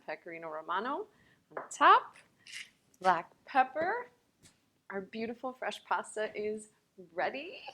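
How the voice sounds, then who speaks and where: A woman's voice: fairly low pitch, fairly bright tone, slight background noise. A woman chef teaching a cooking lesson in a kitchen, chatty and enthusiastic, talking straight to the viewers.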